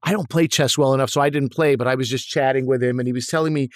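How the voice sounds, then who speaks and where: A man's voice: medium pitch, steady tone, fast talker, dry recording. A man speaks in an everyday middle register, telling set stories in a loose, rambling way full of restarts and side remarks. The sound is dry and close, with no room around it. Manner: rambling storyteller, many restarts and asides. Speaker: actor guest. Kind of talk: casual interview anecdotes.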